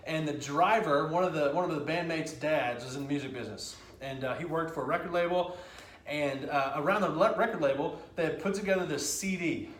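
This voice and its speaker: A man giving a storytelling speech on stage, lively and conversational, with quick asides. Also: on the high side, a little hiss or hum. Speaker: speaker. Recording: echoey hall.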